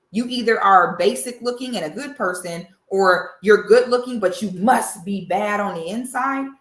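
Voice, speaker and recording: A woman doing reaction commentary in a sassy, animated, drawling way. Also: medium pitch, roomy sound. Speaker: commentary host.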